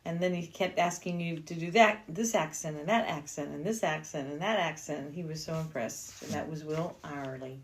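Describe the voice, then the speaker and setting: A woman chats on a movie podcast in a fairly low voice. She talks in a chatty, reminiscing way, with small fillers along the way. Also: normal speed, few pauses. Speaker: podcast co-host. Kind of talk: casual movie podcast chat.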